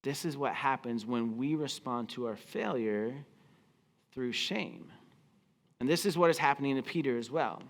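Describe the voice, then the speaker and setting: A man's voice: medium pitch, moderate pace. A man preaching a sermon as pastor, telling the story expressively and acting out the quoted lines. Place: church auditorium.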